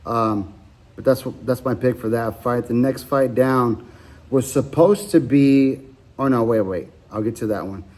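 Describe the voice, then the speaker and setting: A man hosts his own podcast and talks through betting picks alone in a loose, casual way. He rambles, stops to correct himself and fills the gaps with ums and uhs. His voice sits at a middle pitch for a man. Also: unhurried, darkish tone. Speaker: podcast host giving fight picks. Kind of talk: casual solo betting breakdown.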